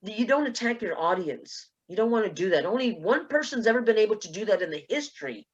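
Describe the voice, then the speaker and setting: A woman from South Texas on a panel, telling a personal story in a lively way and acting out the dialogue. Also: medium pitch, fast talker, slightly rough, muffled recording. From South Texas, USA. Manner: lively, acts out dialogue in quotes. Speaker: panelist, speech contest finalist.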